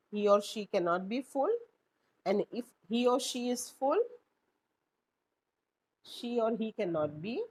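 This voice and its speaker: Woman teacher, unhurried and a bit breathy, explaining with questions. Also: mid-range voice, a little mellow, rough recording. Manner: slow, explaining with rhetorical questions. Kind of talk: classroom lesson.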